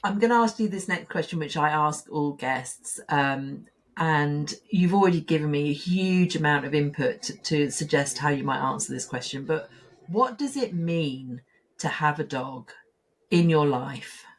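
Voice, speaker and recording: Encouraging woman interview host with a low voice. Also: lively intonation, a little slow. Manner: warm, encouraging, reacts with short affirmations. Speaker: podcast host. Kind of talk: interview chat.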